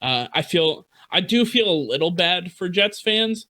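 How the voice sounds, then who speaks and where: A man's voice: sits high, animated, unhurried, pushed and bright. A man co-hosting a sports podcast, chatting casually about football teams with lots of fillers, restarts and the odd laugh. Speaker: podcast co-host.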